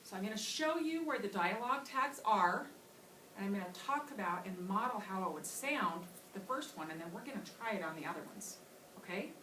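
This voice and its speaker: A woman's voice: mid-range voice, lively intonation, brisk. A woman teacher explains a reading lesson to young students in a patient, explanatory way, now and then acting out a line to show how it should sound. She is heard from a distance in an echoey classroom. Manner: patient, explanatory, models voices for children. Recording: echoey classroom from far off with loud noise.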